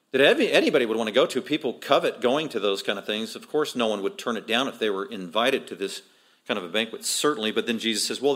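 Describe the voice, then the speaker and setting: A man's voice: medium pitch, fairly bright tone. A middle-aged male pastor preaching an expository sermon, acting out quoted voices with emphatic rises.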